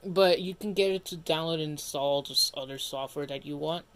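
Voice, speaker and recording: A man's voice: a little high, moderate pace, fairly bright tone, clean tone. Rambling young-sounding male streamer, casual. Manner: rambling, self-interrupting, casually grumbling. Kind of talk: casual livestream commentary.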